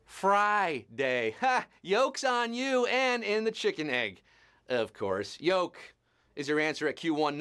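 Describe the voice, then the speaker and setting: High-voiced punning quiz host man. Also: a bit bright. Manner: punning, joking, playful. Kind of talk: live game-show hosting.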